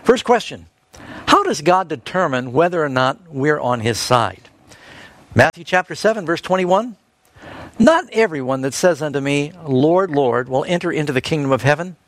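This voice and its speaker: A man preaching a sermon, telling a Bible story in a lively way with quick asides and scripture quotes. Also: a little high, no room sound.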